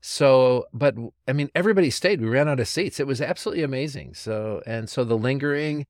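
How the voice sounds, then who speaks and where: Male pastor host, casual storyteller, dry close sound, mid pitch. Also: fast talker, no room sound. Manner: storytelling, thinks out loud with restarts. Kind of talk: casual theological chat.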